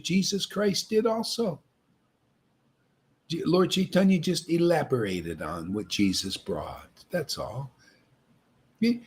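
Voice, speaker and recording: With a fairly high-pitched, slightly rough voice, this man preaches street-style to a gathering of devotees, impassioned and confrontational. He taunts his listeners and keeps tagging "man" and "see?" onto the ends of his phrases.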